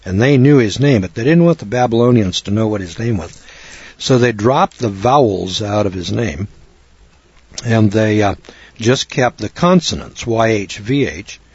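A man's voice: on the low side, expressive, moderate pace, a little mellow, breathy edge, dry recording, dull audio. An older man from the western United States talking in a folksy, rambling way about names and scripture, often spelling words out letter by letter. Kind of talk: casual religious talk, answering a question.

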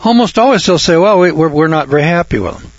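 A man's voice: on the high side, animated, fast, dry recording, dull audio. A man hosting a radio talk show, ranting in a folksy, indignant way. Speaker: radio host.

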